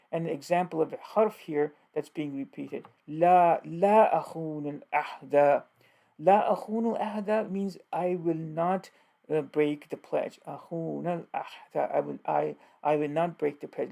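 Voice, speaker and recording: A man giving an informal Arabic grammar lesson, speaking haltingly with many fillers and patiently repeating and translating each example. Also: fairly high pitch, creaky, warm tone.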